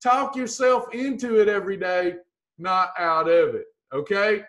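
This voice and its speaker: A woman's voice: medium pitch, measured pace, a bit bright. A woman gives a blunt, folksy motivational talk as a weight-loss coach and teases her listeners with pet names.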